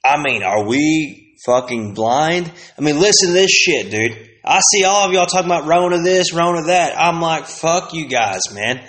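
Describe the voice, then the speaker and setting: A man's voice: fairly high pitch, moderate pace, hardly any pauses, a bit bright. A man ranting profanely in a rambling comedic monologue with street slang and sudden outbursts. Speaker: host.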